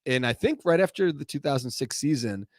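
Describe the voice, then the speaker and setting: A man talks fast and loosely on a casual podcast, jumping between stories and cutting himself off mid-thought. His voice sits at a middle pitch and is recorded dry and close on a studio mic. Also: animated, no echo. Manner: rambling storyteller, self-interrupting. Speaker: podcast host. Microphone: studio microphone.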